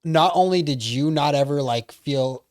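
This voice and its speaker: A man's voice: fairly high pitch, moderate pace, a little mellow, no echo, clean studio sound. A young man talking casually on a podcast, hesitant and restarting his sentences with many fillers. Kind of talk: casual chat.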